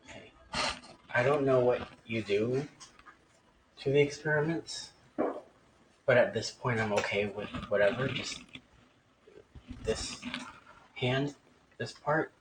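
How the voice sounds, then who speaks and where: A man's voice: medium pitch, takes it slowly, pauses often, noisy background. A man playing a tabletop game, talking in character in a hesitant, trailing way. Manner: hesitant, trailing off, lots of likes. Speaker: player.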